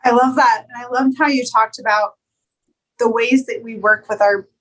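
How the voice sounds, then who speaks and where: A woman's voice: on the high side, fairly even intonation, moderate pace, rough recording. A woman hosting a wellness podcast, affirming her guest and summing up ideas in casual talk. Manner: warm affirming interviewer. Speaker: podcast host. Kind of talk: casual interview, then scripted outro.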